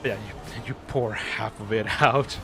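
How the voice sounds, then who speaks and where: With a lowish, creaky voice and a slightly slow pace, this gaming livestream host rambles through casual live-stream chat. He fills it with restarts and fillers and laughs easily while game music plays behind him.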